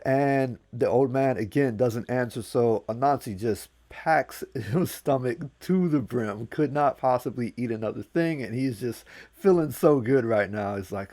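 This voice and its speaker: A man telling a folk tale in a relaxed, conversational way, with a slangy, casual manner, as an English teacher for learners. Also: mid-range voice, moderate pace. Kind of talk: casual storytelling.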